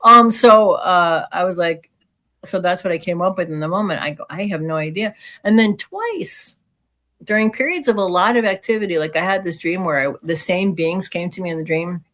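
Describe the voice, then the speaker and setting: Woman from the american midwest, casual guest storytelling, lowish voice, animated and frank, acts out quotes. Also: normal speed. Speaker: guest sharing alien encounter experiences.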